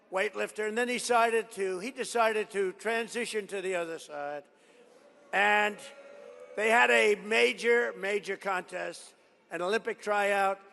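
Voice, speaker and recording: Gravelly older man rambling at a rally. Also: high-pitched, fairly bright tone. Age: 70s. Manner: rambling, boastful, digressive storytelling. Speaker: political speaker. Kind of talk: rally speech. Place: large college hall. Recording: reverberant hall sound.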